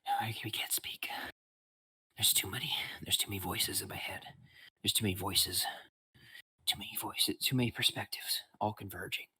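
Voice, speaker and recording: A man voicing a terrified, trembling hermit who whispers frantically and hoarsely. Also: on the low side, moderate pace, long pauses, pushed and bright, no room sound, exaggerated voice. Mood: frightened whisper.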